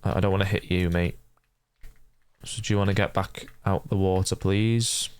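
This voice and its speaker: A young man casually chatting with his stream viewers while playing a game, often swearing and yelling at the characters on screen. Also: low-pitched, fairly even intonation, normal speed, clear, resonant tone, no room sound. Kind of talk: casual gameplay chat with viewers.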